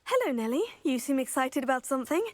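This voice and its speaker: An inquisitive young student heroine in a video game, asking polite questions. Her voice sits very high. The recording is dry and close. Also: very animated, fast, dry recording. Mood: curious. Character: curious young female student, the player's hero.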